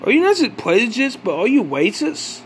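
High-voiced man ranting angrily. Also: very animated, a little hiss or hum. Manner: accusatory, profane, halting restarts. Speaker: vlogger. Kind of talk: angry ranting monologue.

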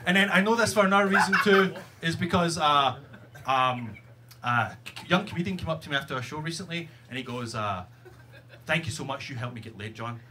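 Scottish male stand-up, high voice, self-mocking and crude, live club recording. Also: expressive, a little fast, noisy background. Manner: wry, self-mocking, brash and profane. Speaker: stand-up comedian. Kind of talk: stand-up comedy set. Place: comedy club stage, live audience.

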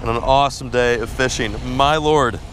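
A young man vlogging a fishing trip in casual chat, who gets loud and excited when fish bite. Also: medium pitch, normal speed, background noise. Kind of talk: casual vlog narration. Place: outdoors at city ponds, later in a car.

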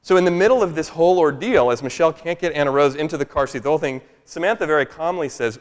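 A man telling a family story to a live workshop audience in an animated, chatty way, often asking "right?". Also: a little high, fast talker, hardly any pauses. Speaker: speaker at a workshop. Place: large room with a live audience. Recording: long echo of a large hall.

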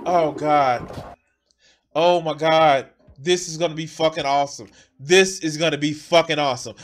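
High-voiced man ranting profanely. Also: steady tone, normal speed, faint music behind. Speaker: streamer. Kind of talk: live reaction commentary.

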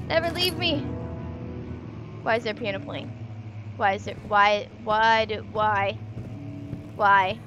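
A woman's voice: mid-range voice, animated, slow, long pauses, music in the background. A young woman commentating a horror game casually, jumpy and swearing as she talks back to the game. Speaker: gamer. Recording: noisy recording.

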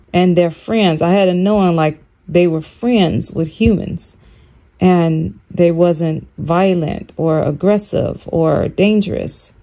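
An older woman recounting a dream in casual storytelling, animated and acting out quoted lines in a higher voice. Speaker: channel host.

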